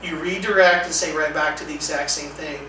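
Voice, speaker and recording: A man leading a training lecture, talking conversationally and acting out calm example lines. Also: fairly high pitch, brisk. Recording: echoey room from far off, faint noise.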